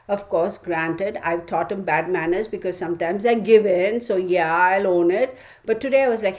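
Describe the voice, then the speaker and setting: A woman's voice: medium pitch, animated, moderate pace. A woman hosting a casual livestream, chatting, reading viewer comments aloud and laughing often. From United States. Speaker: tarot channel host.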